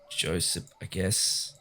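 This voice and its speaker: A man's voice: drawn-out words, sharp tone. A man, rambling chattily while commenting on a video game. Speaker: gaming host. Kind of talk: casual let's-play commentary.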